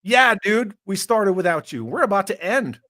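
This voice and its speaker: Guy running a toy live stream, kinda high voice, loose and jokey, reads chat, no room echo. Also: sing-song, normal speed, bright, forceful tone, clean studio sound. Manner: loose, joking, swears casually. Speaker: army veteran. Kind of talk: casual live-stream chat reading comments.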